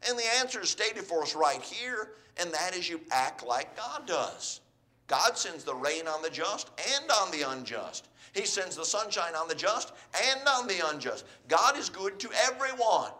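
A man's voice: high voice, pushed and bright. A man preaching a sermon in an earnest, exhorting way, putting questions to his listeners.

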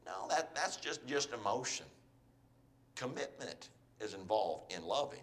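A man's voice: on the low side, animated, unhurried, fairly bright tone. A man preaching a sermon in an earnest, exhorting way, putting questions to his listeners.

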